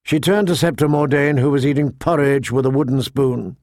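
A man reads an audiobook in a medium-pitched voice, recorded with studio quality and no room sound. His narration is measured and expressive, in a storytelling manner.

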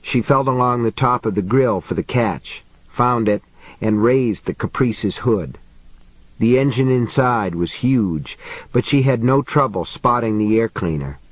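A man narrates a novel in a low, measured audiobook delivery. His voice sits at an ordinary middle pitch. The sound is close and dry, with no room around it. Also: lively intonation, no room sound, low-quality recording. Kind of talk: scripted narration.

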